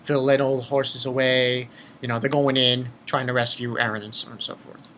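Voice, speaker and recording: An excitable man talks through a comic chapter in a loose, unscripted review, swearing freely as he reads scenes out. His voice is bright and sharp, at a middling pitch. A faint hiss of background noise sits under him. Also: fairly quick. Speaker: manga reviewer. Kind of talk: casual spoken review.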